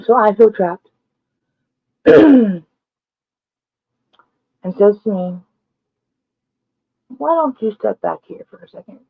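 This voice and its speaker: This woman vlogger's retelling is blunt and emphatic, peppered with curses, in a medium-pitched voice that is animated yet slow. Her voice sounds creaky and slightly rough, with long pauses, over a dry, tinny, phone-like recording.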